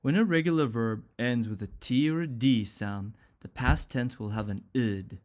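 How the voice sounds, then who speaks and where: A man's voice: medium pitch, moderate pace, a little mellow. A man teaching an English pronunciation lesson, speaking carefully and repeating sounds and example words one at a time.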